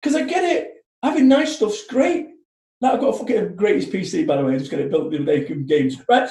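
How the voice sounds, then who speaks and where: A blunt man talks in a high but mellow voice, swearing constantly as he tells animated stories. The sound bounces around an echoey room. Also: fast. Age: 40s. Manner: blunt, heavily profane, animated storytelling. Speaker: guest, motivational speaker. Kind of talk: casual podcast chat.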